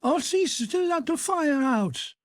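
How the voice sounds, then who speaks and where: A man's voice: high voice, lively intonation, fairly quick, dry recording, pitched above the performer's own voice. Man voicing a furious, bullying drunken father. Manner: bullying, shouting. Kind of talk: audiobook character voice.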